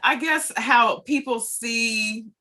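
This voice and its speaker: Female host, bright and slightly high voice, chatty storyteller. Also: slow. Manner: chatty, laughs, mimics others' words. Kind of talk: casual chat.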